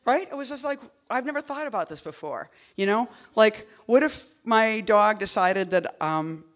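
A woman poet giving a casual talk at a reading series. She wanders off on tangents, fills gaps with "like" and "you know", and drops wry, deadpan asides. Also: mid-range voice, normal speed. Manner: rambling and digressive, full of "like" and "you know".

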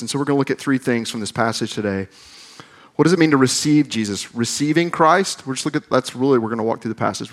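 A man in his forties from the American South, a campus minister preaching a conversational sermon with self-deprecating humor. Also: mid-range voice. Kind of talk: sermon with storytelling.

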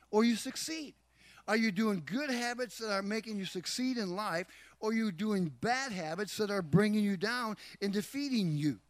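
Middle-aged male pastor, high voice, dry close sound, emphatic sermon delivery with rhetorical questions. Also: dry recording. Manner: emphatic preaching with rhetorical questions, acts out quotes.

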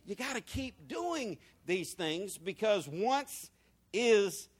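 High-pitched preacher, soaring and dipping. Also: male voice, very animated, slow pace, slightly rough. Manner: preaching with big swings in pitch and volume, rhetorical questions to the congregation. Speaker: pastor. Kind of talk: sermon.

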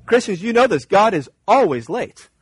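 A man's voice: sits high, big pitch swings, moderate pace, breathy edge, no room sound. A man preaching a sermon as pastor, earnest and emphatic, repeating his key points.

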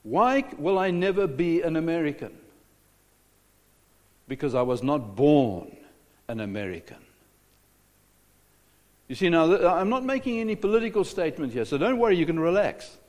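A man's voice: a little high, very animated, moderate pace, long pauses, darkish tone, long reverb tail. A South African man preaching a sermon as a pastor, asking rhetorical questions and often repeating his words.

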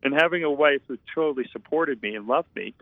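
A man's voice: medium pitch, fast, dry recording. A man, once an architect and now a painter, tells his story earnestly, circling back and restarting his sentences. His mid-range voice comes through thin and tinny, like a phone call, with a dry close sound. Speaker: guest, painter and former architect. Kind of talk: reflective storytelling.

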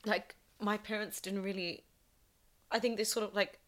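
A woman's voice: medium pitch, steady tone, moderate pace, fairly bright tone. A young woman from Fiji, a singer speaking candidly on a podcast, tearful and filling her talk with "like". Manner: candid and emotional, uses many likes. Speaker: guest singer. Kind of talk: podcast interview.

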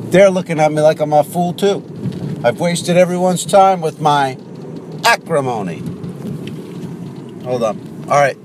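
A man's voice: fairly high pitch, a little mellow. A man hosting a solo podcast from his car, rambling in a sarcastic, self-mocking rant. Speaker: podcast host. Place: in a car while driving. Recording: car with road noise behind.

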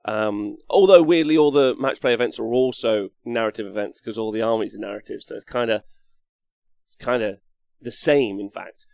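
A man's voice: fairly low pitch, normal speed, creaky, darkish tone, no room sound. Rambling, jokey English man. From England. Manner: rambling, jokey, swears, reads chat comments aloud. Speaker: wargaming show host. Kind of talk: casual live-stream chat.

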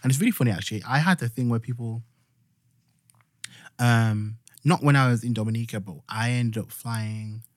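Mid-range and at normal speed, a young podcast co-host with a Yorkshire accent chats casually, clean studio sound, no echo. His storytelling wanders, peppered with fillers and restarted sentences.

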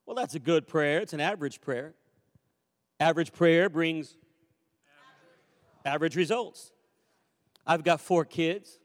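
A pastor in his fifties preaching a sermon, animated, moving between loud calls and quiet asides. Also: on the high side, a little slow, pauses often. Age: 50s. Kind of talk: sermon with storytelling. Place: church sanctuary. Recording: long reverb of a church hall.

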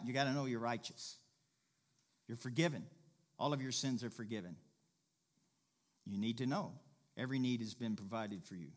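A man preaching to his congregation in a mid-pitched voice. He talks in a folksy, easygoing way, repeats his key points and climbs into loud, emphatic bursts. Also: normal speed, pauses often. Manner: folksy, jokes with the congregation and laughs. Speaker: pastor. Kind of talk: sermon.

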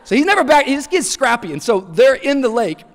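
A man in his thirties preaching a sermon in a church, an animated storyteller who acts out voices and laughs often. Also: very high-pitched, a little fast. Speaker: pastor. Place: church auditorium. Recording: large hall reverb.

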